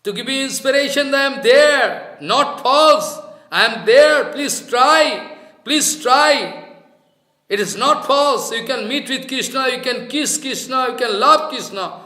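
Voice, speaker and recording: A man's voice: very high voice, measured pace, bright, forceful tone, voice pushed up, heavily acted. A man voicing an affectionate divine boy. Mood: urgent, encouraging. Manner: urgent, pleading encouragement. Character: divine boy's voice, affectionate and reassuring. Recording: roomy echo.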